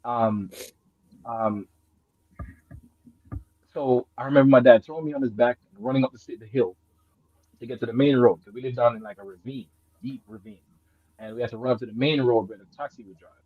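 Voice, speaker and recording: A man who grew up in Jamaica, telling a story in casual chat, swinging between loud excited bursts and low murmurs, laughing and swearing often. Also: fairly quick, pauses often, husky, no echo, phone-quality sound. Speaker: guest.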